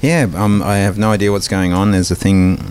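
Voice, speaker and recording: A man's voice: lowish voice, level tone, a little fast, a little mellow, slight background noise. A middle-aged man chatting casually as a podcast guest, rambling with fillers and restarts. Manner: rambling, many fillers and restarts, laughs easily. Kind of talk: casual conversational storytelling.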